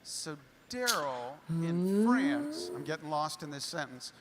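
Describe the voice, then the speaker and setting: A man's voice: on the high side, very animated, slow. A man on a convention panel giving dry, evasive, teasing answers. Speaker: panel guest. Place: convention hall stage. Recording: reverberant hall with faint noise.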